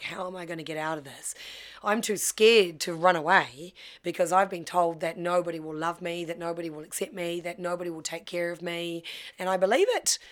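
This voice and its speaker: A woman, telling her life story in a candid, heartfelt way with halting restarts. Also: fairly low pitch. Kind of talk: personal storytelling.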